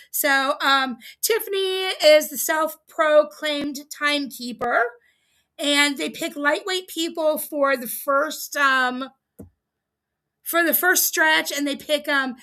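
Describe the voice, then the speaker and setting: A woman with a high, bright voice talks through a casual livestream recap. She rambles along with lots of ums and laughs at her own asides. Her tone is clear and forward. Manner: chatty, laughs often, many ums, amused asides. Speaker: podcast host recapping a reality show. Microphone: streaming setup, close mic.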